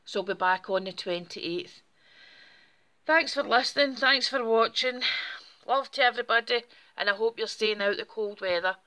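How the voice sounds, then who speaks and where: Woman hosting a craft demo; friendly, chatty delivery with a bright, clear edge. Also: a little high, moderate pace. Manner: chatty, friendly, explaining step by step. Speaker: craft channel host. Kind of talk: casual craft tutorial.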